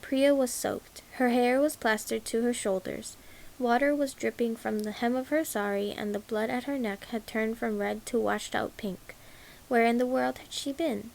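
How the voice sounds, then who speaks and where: Woman reading a novel aloud, gravelly. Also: a little high, fairly even intonation, normal speed, a little mellow, poor audio. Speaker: audiobook reader. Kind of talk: audiobook narration.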